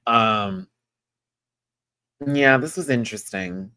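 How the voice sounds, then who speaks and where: A reviewer in a casual live review, talking animatedly with sassy asides and sudden high-pitched exclamations. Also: animated, moderate pace, fairly bright tone. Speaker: show reviewer.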